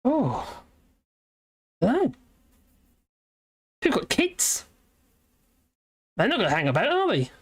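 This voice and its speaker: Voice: medium pitch, huge pitch swings, slow pace, long pauses, breathy edge. A British livestream host chatting in a rambling way, reading viewer comments aloud and laughing often. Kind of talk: rambling live chat.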